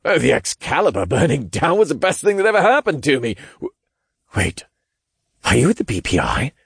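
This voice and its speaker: A man voicing a rattled middle-aged male paranormal expert with a raspy, dry voice, talking in a bewildered, hesitant way. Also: mid-range voice, huge pitch swings, a little fast, fairly bright tone, no room sound, pitched above the performer's own voice, exaggerated voice.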